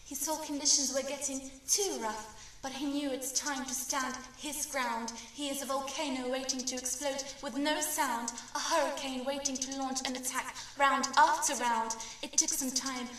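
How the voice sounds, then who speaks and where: A woman's voice: sits high, steady tone, normal speed, few pauses, fairly bright tone, slight background noise. A woman from Syria giving an impassioned, declamatory spoken-word poetry recitation. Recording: very echoey room, mic far off.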